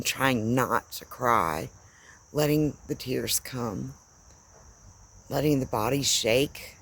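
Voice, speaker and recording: A woman giving a reflective spiritual talk, speaking gently and searchingly with long pauses. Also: low-pitched, a little hiss or hum. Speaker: spiritual teacher. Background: faint crickets and insects.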